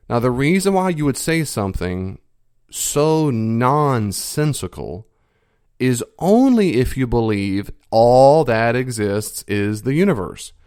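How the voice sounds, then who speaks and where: A man hosting a podcast, explaining ideas emphatically. He repeats key phrases and stretches out stressed words slowly. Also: dry recording, studio quality. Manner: lively swings in pitch for emphasis. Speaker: podcast host.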